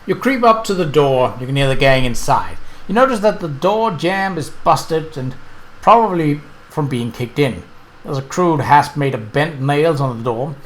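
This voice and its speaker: A man casually commenting on his gameplay and reading the game's text aloud, chatty and quick to correct himself. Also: on the high side, animated. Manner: chatty, self-correcting, laughs at the game. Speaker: let's play host.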